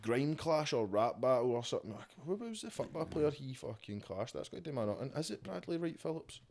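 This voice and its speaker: A man's voice: mid-range voice, very animated, brisk, gravelly, darkish tone. A man with a Scottish accent, a rapper talking as a podcast guest at home in a loose, rambling, swearing-heavy casual chat.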